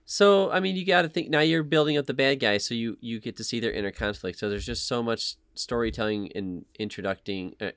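Male podcast co-host, bright and fairly low, dry close sound, rambling casual talk. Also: fairly quick, few pauses, clean tone, no room sound. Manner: loose, rambling, lots of fillers and restarts. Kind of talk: casual chat.

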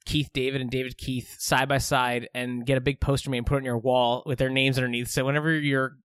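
A man in casual comedic banter who rambles into goofy made-up scenarios and keeps them going. His voice sits at a middling pitch. It sounds close and dry, with no room around it. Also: little pitch movement, fast, a bit bright, clear, resonant tone, no echo. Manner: joking, spins long silly bits. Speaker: podcast co-host.

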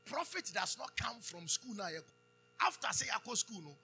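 A man with a Ghanaian accent preaching a sermon, calling out questions for the congregation to answer and building to loud emphasis. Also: sits high, sing-song, moderate pace, creaky, slightly rough, faint music behind. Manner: call-and-response preaching, loud rising emphasis. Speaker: pastor.

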